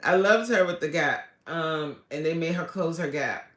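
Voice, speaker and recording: Woman coach hosting a chatty livestream, lively high swoops for emphasis, echoey room sound. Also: normal speed. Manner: animated, chatty, slangy, swings up high for emphasis. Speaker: fitness coach and channel host. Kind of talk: casual livestream chat with viewers.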